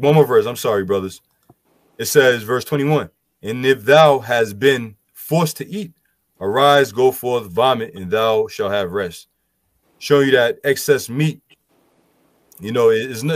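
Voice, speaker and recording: A man's voice: medium pitch, no room sound. A man, loosely explaining scripture and health to a group with lots of "you know" fillers. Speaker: group discussion speaker. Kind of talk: casual scripture teaching.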